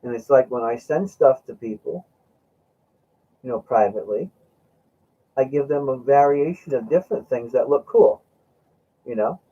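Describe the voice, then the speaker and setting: A man's voice: medium pitch, normal speed, long pauses. A man hosting a casual chat, telling rambling stories with laughs and acting out what his friend said. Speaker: host. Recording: dull lo-fi sound.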